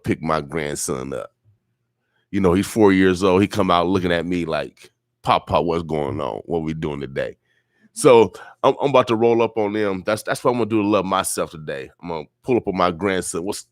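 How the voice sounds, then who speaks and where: A man's voice: deep voice, no echo. A middle-aged man hosting a morning radio show, chatting casually and rambling with repeated catchphrases in a studio. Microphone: studio microphone.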